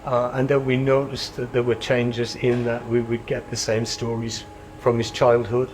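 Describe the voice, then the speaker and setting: An older man, a rugby fan remembering his father in a documentary interview, speaking reflectively with many pauses and fillers. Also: mid-range voice, completely flat delivery, a little hiss or hum, low-quality recording.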